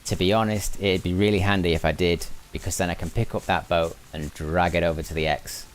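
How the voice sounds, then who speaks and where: A man's voice: deep voice, steady tone, brisk. A man from Lancashire with a mixed northern English accent, thinking aloud and chatting with viewers during live gameplay commentary. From Lancashire, England. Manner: musing aloud, chatting with viewers while playing. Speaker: gaming streamer.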